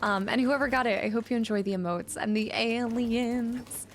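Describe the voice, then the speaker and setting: A woman's voice: on the high side, normal speed, a little hiss or hum. A woman streamer chatting casually with viewers while playing a game, laughing often and thanking people for donations and follows. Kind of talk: casual live-stream chat while gaming.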